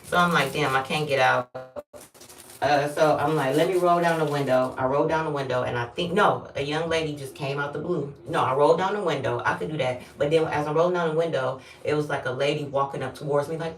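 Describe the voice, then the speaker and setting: A woman with a low voice tells a rambling, candid story in casual vlog style, swearing freely as she goes. She sits some way from the mic, and the small bathroom around her echoes hard. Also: distant mic. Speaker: vlogger. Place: bathroom, during a bath.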